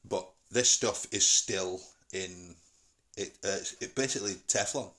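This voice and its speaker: A man from hosting a casual chat, rambling and halting with many fillers. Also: low-pitched, bright, forceful tone. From St Helens, England. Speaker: podcast host.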